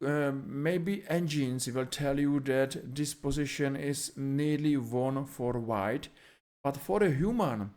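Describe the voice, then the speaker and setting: A man's voice: mid-range voice, takes it slowly, a little mellow. A man analyzing a chess game move by move, calling out each move with frequent fillers and simple, non-native phrasing. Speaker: chess commentator.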